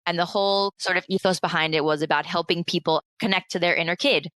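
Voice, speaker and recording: American woman, late 30s, interview guest, smooth low voice, dry close sound. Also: fast talker, dry recording. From United States. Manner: lively, chatty, laughs often. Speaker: guest, founder of a play consultancy. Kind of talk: casual interview storytelling.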